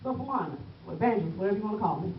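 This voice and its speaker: A woman's voice: mid-range voice, expressive, racing. A woman evangelist preaching a passionate call-and-response sermon, pressing the congregation with "amen?" and calling them "baby". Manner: passionate, emphatic, keeps asking the congregation "amen?"; calls listeners "baby". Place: church hall with a congregation. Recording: echoey, distant, dull church recording with faint hiss.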